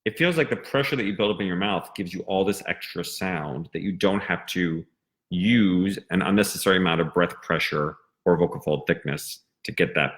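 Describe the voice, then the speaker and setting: Bright-voiced male voice teacher. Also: sits low. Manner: explanatory, stresses crisp consonants. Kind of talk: singing lesson explanation.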